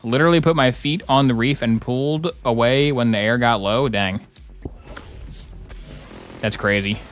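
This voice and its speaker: A man's voice: medium pitch, normal speed. A young man joking and rambling through casual commentary while streaming a game. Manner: joking, rambling, playful asides.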